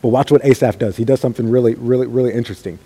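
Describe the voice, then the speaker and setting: A man's voice: mid-range voice, steady tone, rapid-fire, dark tone, slightly rough. A man preaching a sermon in a church hall, emphatic and building up to raised calls to his listeners. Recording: long hall reverb.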